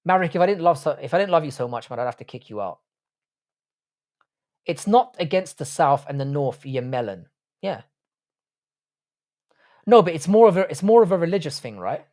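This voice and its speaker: A man's voice: fairly high pitch, big pitch swings, normal speed, long pauses, a little mellow. British-accented male streamer, blunt crude banter, casual live-stream chat. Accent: British English. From Ireland, raised in England. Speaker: university professor.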